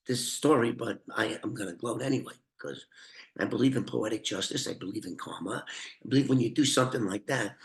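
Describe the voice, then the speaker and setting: A man's voice: medium pitch, fairly bright tone. An older man, a former informant, telling a true crime story in a profane, rambling, conversational way. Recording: roomy echoey room.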